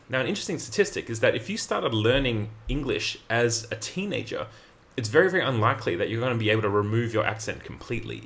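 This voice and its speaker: A young adult man, giving energetic, emphatic communication advice straight to camera. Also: medium pitch. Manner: energetic, emphatic, plays out example phrases. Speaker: communication coach. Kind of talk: direct-to-camera advice talk.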